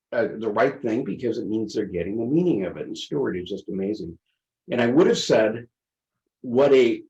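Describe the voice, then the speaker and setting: A man presenting on a video call, talking in a thoughtful, halting way with frequent restarts. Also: fairly low pitch, a little mellow, dull audio. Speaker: presenter and teacher. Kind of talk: webinar presentation, casual commentary.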